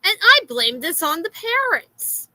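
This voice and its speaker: A high, bright woman with a Florida accent, her pitch swinging widely as she tells a story. She sounds exasperated and fills her pauses with "uh". The sound is dry and close. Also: no room sound, low-quality recording. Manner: animated, exasperated, many "uh" fillers. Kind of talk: casual storytelling rant.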